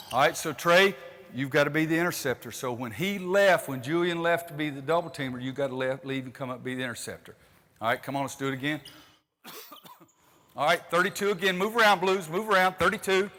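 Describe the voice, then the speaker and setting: A man's voice: a little high, a little fast, pushed and bright, in a large hall. An older man, a basketball coach, running a clinic demonstration with a folksy manner and calling out instructions to players. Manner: folksy, directs players on court with calls. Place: gym court.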